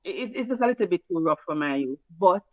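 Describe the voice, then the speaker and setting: A woman with a Jamaican accent co-hosting a casual sports chat, teasing and quick-fire in her delivery. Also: fairly low pitch, expressive, no room sound. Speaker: co-host. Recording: dull, dry, lo-fi mic.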